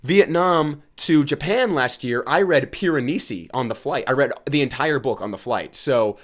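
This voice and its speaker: A man's voice: mid-range voice, normal speed. A man hosting a casual solo podcast, tired and rambling, cracking self-mocking jokes and laughing at them. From United States. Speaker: podcast host.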